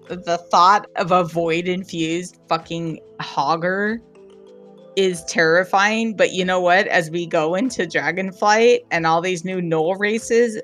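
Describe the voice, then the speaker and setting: Low-pitched woman, laid-back podcast co-host. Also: a bit bright. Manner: laid-back, swears casually, laughs easily. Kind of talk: casual gaming podcast chat.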